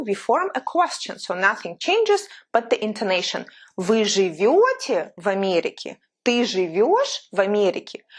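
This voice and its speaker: A woman teaching an online language lesson, explaining patiently and slowing down to repeat example phrases. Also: medium pitch, slightly rough.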